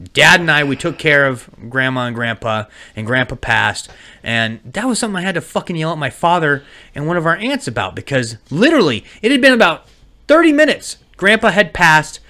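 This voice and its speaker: A man's voice: on the high side, bright, forceful tone. A man co-hosting a casual podcast, ranting heatedly and swearing a lot. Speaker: podcast co-host.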